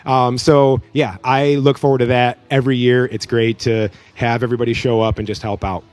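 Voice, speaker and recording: A middle-aged man co-hosting a church pre-show in casual chat, easygoing and quick to joke and laugh. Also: medium pitch, little pitch movement, a little mellow. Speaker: church pre-show co-host, youth leader.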